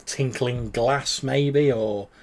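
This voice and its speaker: A man's voice: medium pitch, steady tone, drawn-out words. A man narrating as game master, describing scenes with many fillers and restarts.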